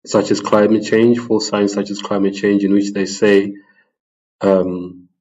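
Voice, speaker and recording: A man presenting an unscripted talk over slides, halting often with ums and restarting his sentences. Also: fairly low pitch, level tone, a little mellow, highs cut off. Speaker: presenter of a religious channel.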